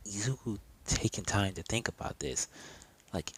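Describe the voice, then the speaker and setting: Low-voiced man rambling through a fan story. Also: animated, normal speed, fairly bright tone, breathy edge, poor audio. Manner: rambling, self-correcting, while gaming. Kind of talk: improvised fan-story narration.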